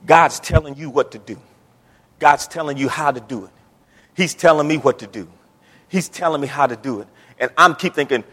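A middle-aged man preaching a sermon in a church, emphatic and repetitive, building up to shouting. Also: on the high side, moderate pace, breathy edge. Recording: long church reverb.

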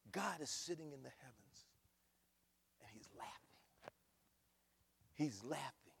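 A man preaching a sermon as pastor, swinging from soft asides to loud shouting, mocking quoted voices along the way. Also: on the high side, creaky, husky. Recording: echoey hall recording.

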